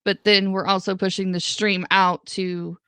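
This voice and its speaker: A woman's voice: medium pitch, flat delivery, a little slow, bright, forceful tone, clean tone, dry recording. A woman guest co-hosting a live stream, chatting casually, hedging and laughing often. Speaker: co-host guest. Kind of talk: casual chat.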